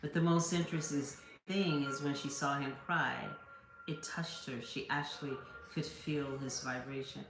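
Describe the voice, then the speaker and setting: A woman's voice: rumbling low, fairly even intonation, moderate pace, echoey room, music in the background. A woman reading tarot who tells a heartfelt story to her viewers, hesitant, with many fillers and restarts. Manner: heartfelt, earnest. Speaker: tarot card reader.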